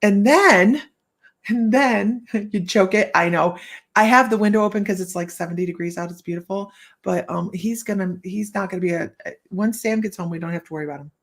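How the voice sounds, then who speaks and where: Brisk and medium-pitched, a psychic live-streams from her home room, where the window is open. Her casual, chatty storytelling is full of reenacted quotes and frequent laughter.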